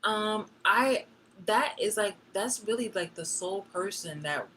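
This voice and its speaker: A woman live streaming, telling a personal story in a blunt, profane and animated way. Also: medium pitch, measured pace, a little hiss or hum, low-quality recording.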